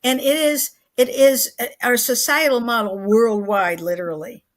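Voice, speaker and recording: A woman's voice: fairly high pitch, steady tone, moderate pace. A woman in her eighties, a guest on a talk show, telling a story earnestly and vividly. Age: 80s. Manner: earnest, vivid storyteller who acts out quoted lines.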